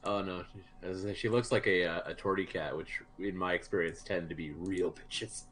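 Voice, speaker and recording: A man chatting casually, blunt and quick to swear. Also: low voice, steady tone, fairly bright tone, a little hiss or hum. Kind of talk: casual chat.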